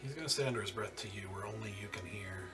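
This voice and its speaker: A man narrating as game master of a tabletop game, halting with many fillers and restarts. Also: on the low side. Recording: distant mic with music behind.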